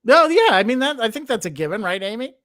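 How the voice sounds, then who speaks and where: A man from the United States co-hosting a casual chat show, talking in an animated way and laughing as he talks. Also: very high-pitched, fast talker. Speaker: co-host.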